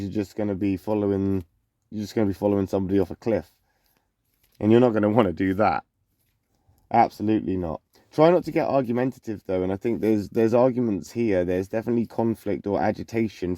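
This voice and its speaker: Low-voiced man giving a casual zodiac reading. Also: dark tone, dry recording, studio quality. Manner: conversational, loose, repeats phrases and restarts often. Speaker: zodiac reading channel host.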